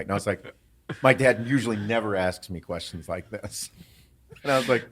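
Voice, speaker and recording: A man's voice: mid-range voice, a little fast, a bit bright, slight background noise. A middle-aged man from western Pennsylvania, a podcast host telling a story in casual chat, swearing freely and laughing as he talks. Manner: profane, laughs through his stories.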